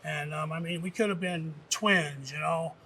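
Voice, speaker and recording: Middle-aged ex-wrestler from Nebraska, slightly high and tense, casual and foul-mouthed, lots of fillers. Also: male voice, moderate pace, sharp tone, a little hiss or hum. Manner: rambling, casual, profane, with many fillers. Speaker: former professional wrestler, interviewee. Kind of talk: documentary interview storytelling. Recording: distant mic with faint music.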